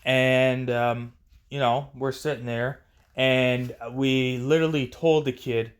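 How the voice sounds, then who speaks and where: A man's voice: medium pitch, little pitch movement, slow, smooth. A man telling a personal story casually on a vlog, rambling with many restarts and fillers. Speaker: storyteller vlogger.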